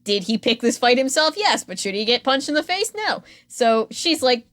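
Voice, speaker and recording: A woman's voice: fairly high pitch, very animated, normal speed, a bit bright. A woman co-hosting a podcast, recapping a reality show in a chatty, sarcastic way with frequent fillers. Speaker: podcast co-host.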